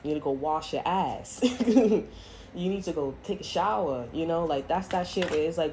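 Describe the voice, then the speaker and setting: A woman's voice: low-pitched, normal speed, noisy background. Blunt, profane woman reading tarot. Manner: blunt, profane, laughs often; acts out voices in quoted asides. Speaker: tarot reader. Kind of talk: casual tarot reading to camera.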